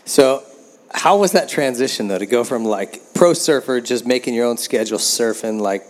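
A man hosting a casual interview, asking relaxed, joking questions. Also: mid-range voice, normal speed. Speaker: podcast host.

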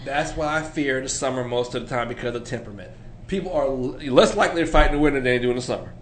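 A man hosting a casual chat, animated and given to laughter. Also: mid-range voice, rapid-fire, slight background noise.

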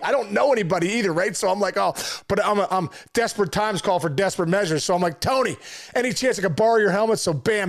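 A middle-aged man, a former pro ballplayer, telling a heartfelt story in conversation, animated, with lots of fillers and restarts. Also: high voice. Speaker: former pro baseball player, guest.

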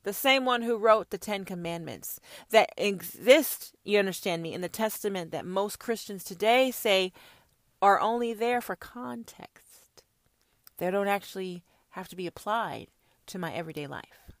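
A woman hosting a profane, confrontational monologue, preaching hard at her listeners and swinging between shouts and hushed whispers. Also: medium pitch, animated, normal speed, no echo, studio quality. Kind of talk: ranting monologue.

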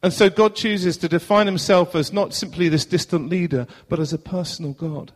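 Southern English male pastor, earnest preaching with rhetorical questions, a touch high-pitched, in a long-echo church. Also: fairly even intonation, moderate pace. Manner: earnest, rhetorical questions, swings between loud and hushed. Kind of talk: sermon. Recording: long hall reverb.

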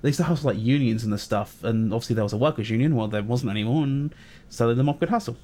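Brief: male co-host from Pennsylvania, relaxed, wry explainer. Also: mid-range voice, quick pace. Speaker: podcast co-host. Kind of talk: casual chat.

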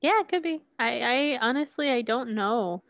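A woman's voice: on the high side, expressive, normal speed, no echo. A woman playing along in a guessing game, offering tentative suggestions and hesitating often. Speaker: co-player. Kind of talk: casual gameplay chat. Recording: dull, dry lo-fi audio.

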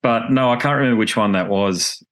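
Australian male podcast host, rapid talker, casual rambling storyteller. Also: on the low side, fairly bright tone. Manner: rambling, self-correcting storyteller. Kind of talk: casual chat.

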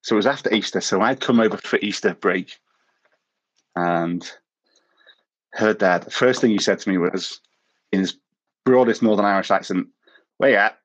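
Man, low voice, podcast guest, born in South Africa, rambling anecdotes, self-deprecating, laughs at his own jokes. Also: moderate pace, long pauses, low-quality recording. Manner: rambling storyteller, self-mocking, chuckles at his own stories. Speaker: podcast guest, former missionary. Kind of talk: casual anecdotal interview talk.

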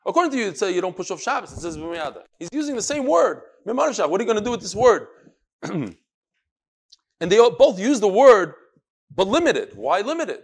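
A man teaching a Talmud class, explaining the text in an animated way, calling on students and reading Aramaic phrases in a singsong. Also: high voice, fairly quick. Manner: animated, switches between English and chanted Aramaic phrases, calls on students. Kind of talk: lively classroom Gemara lesson.

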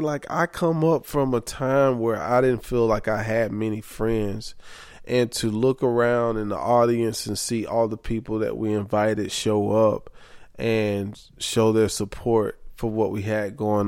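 Sleep-deprived young man, low-pitched, candid casual monologue, dry close sound. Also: a little mellow, clear, resonant tone, dry recording. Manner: candid, emphatic, says okay often. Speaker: vlogger.

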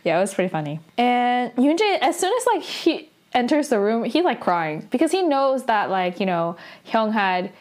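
A woman's voice: on the high side, very animated, moderate pace, few pauses, a little mellow. Chatty young woman recapping episodes. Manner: chatty, full of "like" and "you know", laughing often. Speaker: drama recap vlogger.

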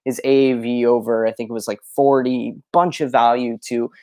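A co-host on a casual sports podcast who talks fast and opinionated, leaning on "like" a lot. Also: mid-range voice, level tone, a little mellow, dry recording, clean studio sound. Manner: fast, opinionated, heavy use of "like".

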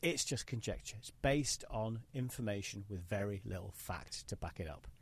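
A man's voice: fairly low pitch, animated, normal speed, creaky, slightly rough. A man hosting a podcast in casual conversation, talking in an opinionated, emphatic and rambling way. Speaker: podcast host. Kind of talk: casual interview chat.

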